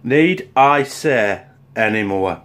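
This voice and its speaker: A man's voice: medium pitch, expressive, slow pace, a bit bright. A man, host of a home cooking channel, chatting bluntly to camera and swearing constantly. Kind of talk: casual sweary to-camera chat. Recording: echoey room.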